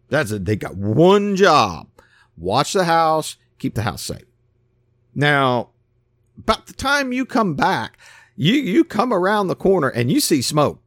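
Folksy, animated male preacher. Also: mid-range voice, no echo. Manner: folksy, acts out voices in his stories. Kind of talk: casual sermon.

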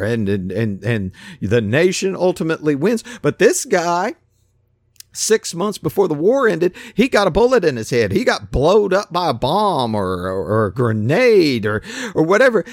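A man's voice: fairly high pitch, very animated, measured pace, no room sound, studio quality. A man preaching a casual, folksy sermon who acts out the voices in his stories.

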